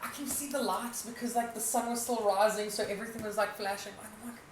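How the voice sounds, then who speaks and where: A woman co-hosting a casual podcast, telling stories with lively quoted voices. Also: mid-range voice, fast talker. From South Africa. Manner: expressive storyteller, shouts out quoted lines. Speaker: podcast co-host. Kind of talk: casual chat. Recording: echoey room, mic at a distance, noisy.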